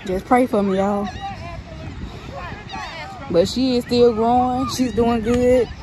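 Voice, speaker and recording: Young mom chatting on a noisy beach. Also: female voice, a little high, takes it slowly. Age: 20s. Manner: relaxed, chatty, coaxing her toddler in a singsong. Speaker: vlogger, pregnant mother. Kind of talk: casual vlog chat. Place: outdoors on a beach. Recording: loud beach noise behind.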